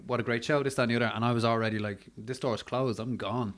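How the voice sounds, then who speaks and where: A man's voice: medium pitch, fairly even intonation, fast talker. A man with an Irish accent, a musician co-hosting a podcast, telling reflective stories in casual talk. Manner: reflective storytelling. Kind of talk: casual chat.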